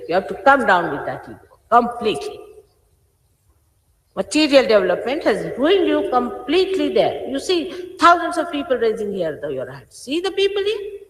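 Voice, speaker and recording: Woman, 60s, spiritual teacher, stern, scolding, widely swinging pitch, echoey hall. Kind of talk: addressing followers. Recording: roomy archive recording with long hall reverb.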